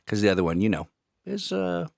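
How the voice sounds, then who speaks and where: A man co-hosting a podcast in a loose, goofy way, rambling with fillers and joking around. His voice sits a bit low. The sound is dry and close, with no room echo. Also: very animated, a little fast, creaky, a little mellow. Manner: goofy, laughs often, loose rambling talk. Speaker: podcast co-host. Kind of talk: casual podcast chat.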